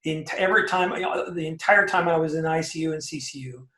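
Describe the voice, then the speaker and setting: A fifty-something man speaks at a quick pace in a fairly high, sharp-toned voice, with a roomy sound around him. He tells his own story in a casual interview, talkative and emphatic, heavy on fillers and tag questions.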